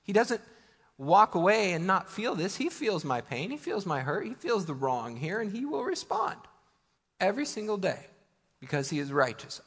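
A man's voice: sits high, very animated, moderate pace, a bit bright, breathy edge. A man preaching a sermon in a church, conversational and emphatic, asking his listeners rhetorical questions. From United States. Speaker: pastor. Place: church sanctuary. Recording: long hall reverb.

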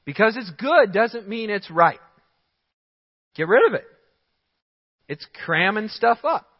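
A man preaching in a big church sanctuary, his fairly high voice ringing with a long echo around the room. He speaks slowly and deliberately, pressing his points with short, punchy commands. The sound is a little dull and muffled. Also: big pitch swings, slightly rough. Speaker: pastor. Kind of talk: sermon. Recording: dull sound in a large hall with long reverb.

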